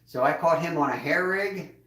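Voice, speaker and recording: A relaxed man with a twang chats casually on his livestream, his fairly high voice sitting back from the mic. The sound bounces around an echoey room, and he chuckles as he answers his viewers. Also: normal speed, far from the mic. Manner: laid-back, chuckles, reads chat aloud. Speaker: livestream host.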